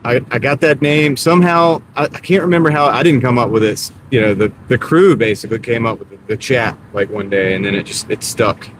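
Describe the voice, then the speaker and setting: A man chatting casually on a live stream while he drives deliveries, greeting viewers by name in a relaxed, rambling way. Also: medium pitch, brisk, few pauses. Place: inside a moving car. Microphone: wireless clip-on mic. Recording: clear car road noise. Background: car and road noise.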